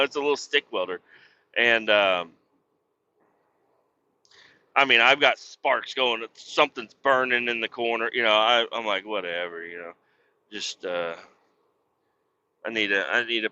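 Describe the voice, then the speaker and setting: Middle-aged guy, real bright tense voice, swears constantly, self-deprecating laughs, muffled podcast sound. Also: fairly low pitch. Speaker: podcast host. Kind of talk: casual rambling monologue.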